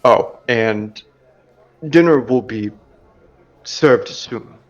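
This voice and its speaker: A man voicing a courteous, formal male dwarf clan leader in a tabletop game, speaking politely and measured, on a dull lo-fi recording. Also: medium pitch.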